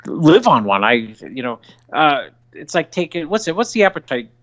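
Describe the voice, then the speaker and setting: A man co-hosting a casual podcast chat, talking in a rambling, halting way and often trailing off. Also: on the high side, very animated, a bit bright, muffled recording. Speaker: podcast co-host.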